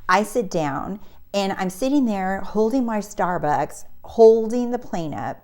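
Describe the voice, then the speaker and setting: A woman coaching on manifestation, telling a personal story in a casual, animated way and acting out the people in it. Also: mid-range voice, measured pace. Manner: animated, acts out the voices of people in her story; breaks into laughter mid-sentence. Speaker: manifestation coach and channel host.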